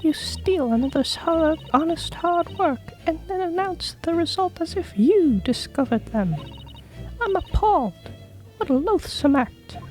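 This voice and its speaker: A woman's voice: very high voice, lively intonation, measured pace, a little mellow, soft background music, pitched above the performer's own voice, low-quality recording. A woman voicing a haughty, scornful English noblewoman in a fan voice-over of a video game, talking down to everyone with sneering condescension.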